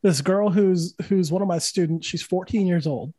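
Animated, high-voiced man telling a story. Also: moderate pace, dry recording. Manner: animated, swears freely, acts out quoted voices. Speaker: podcast host and guitar teacher. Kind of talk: casual conversational storytelling.

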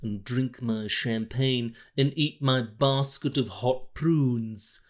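A man's voice: mid-range voice, close to an everyday voice. A man putting on a drawling posh snob. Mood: pompous. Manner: drawling, slow and pompous. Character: posh snobbish rich man with jutting chin.

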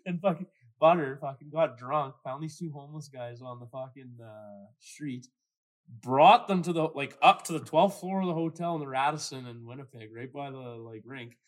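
A man's voice: medium pitch, moderate pace. A man co-hosting a casual podcast, swearing and laughing through a rambling story. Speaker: podcast co-host.

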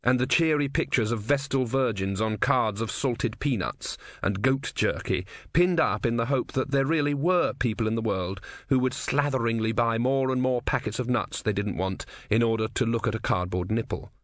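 Man reading an audiobook, wry and expressive, dry close recording. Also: mid-range voice, normal speed, few pauses, no room sound. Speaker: audiobook narrator. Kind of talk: scripted audiobook narration.

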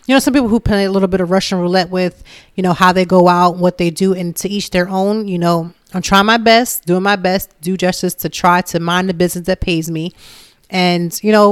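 A woman in her thirties talking candidly and from the heart about her own life, in a relaxed conversational way. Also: fairly low pitch, smooth, no room sound, clean studio sound. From Philadelphia area. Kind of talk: casual personal talk.

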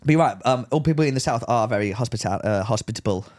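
A man's voice: medium pitch, fast talker, darkish tone. A man co-hosting a podcast, telling a rambling story in casual chat, full of likes and rights. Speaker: podcast co-host.

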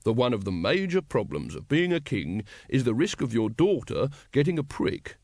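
A man's voice: mid-range voice, sing-song, normal speed, darkish tone, dry recording, studio quality. A male narrator voicing a pompous middle-aged man who lectures knowingly about kings. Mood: lecturing. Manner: ponderous and lecturing. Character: pompous middle-aged man, a self-appointed royalty expert.

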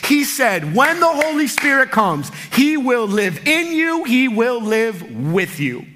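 A man preaching a sermon as pastor, energetic and emphatic, with sudden loud peaks. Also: high-pitched, measured pace.

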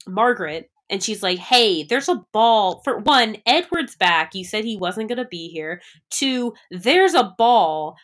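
A woman co-hosting a casual chat, rambling and animated, full of fillers and restarts. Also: on the high side. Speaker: podcast co-host. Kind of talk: casual chat about a movie.

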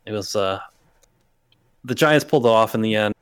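A young man co-hosting a casual sports podcast, laid-back and dry, often trailing off quietly. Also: lowish voice, normal speed, clear, resonant tone, no echo. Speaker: podcast co-host.

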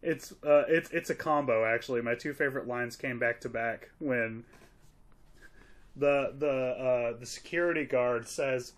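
A man's voice: mid-range voice, unhurried. A man with a mid-range voice, co-hosting a casual film podcast. He chats with open enthusiasm, swears freely and laughs a lot. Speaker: podcast co-host reviewing films. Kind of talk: casual chat.

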